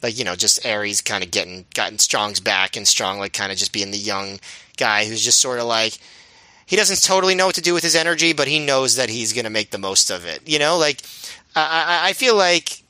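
Lively bright-voiced man with dry sound. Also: on the low side, brisk, no room sound, rough recording. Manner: hesitant, lots of fillers and restarts, laughs easily. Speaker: podcast co-host. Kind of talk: casual wrestling podcast chat. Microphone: video call.

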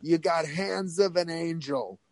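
A man's voice: a little high, measured pace, a little mellow, no echo. A man doing a gushing Long Island beauty-school owner. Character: flamboyant middle-aged male beauty school owner.

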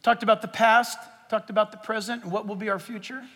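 A man's voice: high voice, fairly even intonation, fast talker, bright, forceful tone. A man preaching a sermon from a stage, fervent and emphatic, repeating phrases for stress. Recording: long reverb of a big hall.

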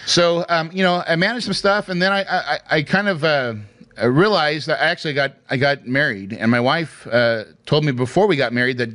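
A man's voice: mid-range voice, a little fast, a bit bright. Man with a mid-range voice, chatty storyteller who checks in with the listener a lot. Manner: chatty, hesitant restarts, asks "right?" often. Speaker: speaker sharing his career story. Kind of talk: casual personal storytelling.

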